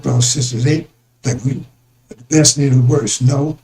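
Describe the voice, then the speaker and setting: A man's voice: medium pitch, fairly even intonation, moderate pace, long pauses, mellow, a little hiss or hum, rough recording. A man giving a rambling religious talk to his listeners, repeating himself and calling them brothers and sisters. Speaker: religious broadcaster.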